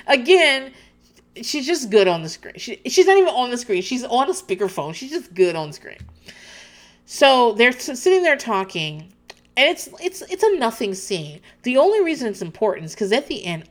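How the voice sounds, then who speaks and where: An animated woman recaps a TV show in casual, candid chat, speaking at a medium pitch and normal speed. She often restarts sentences and breaks into laughter.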